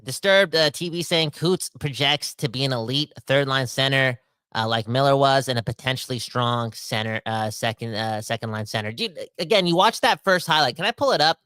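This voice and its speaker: A young man hosting a casual podcast, rambling and animated, swinging between fired-up outbursts and quieter asides. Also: mid-range voice, moderate pace, clean tone, no room sound. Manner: rambling with frequent restarts and self-corrections. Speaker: podcast host. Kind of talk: casual ranting podcast talk.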